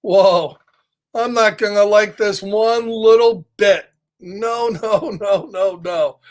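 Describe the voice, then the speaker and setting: A man's voice: sits high, very animated, measured pace, a bit bright, full character voice. A man voicing a stubborn, grubby male cartoon pigeon in a picture-book read-aloud, whiny and melodramatic.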